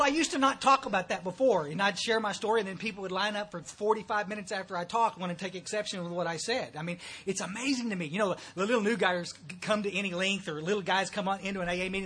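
A man's voice: high-pitched, quick pace, few pauses, pushed and bright, breathy edge. A man with a thick Texas accent giving a blunt, folksy, joking talk at a recovery meeting.

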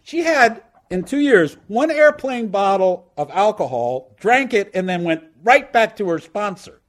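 A man with a fairly high voice shares his story at a recovery meeting. He delivers jokes with punch and then slows into earnest reflection. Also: big pitch swings. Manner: punchy, joking, turning earnest. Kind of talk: humorous storytelling talk. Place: lives in New York.

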